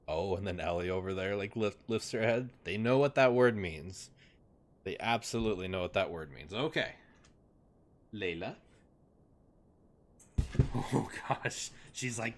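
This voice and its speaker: A man's voice: lowish voice, expressive, slow, long pauses. A young man chatting casually on a live game stream at his desk at home, rambling with lots of fillers and talking sweetly to his dogs.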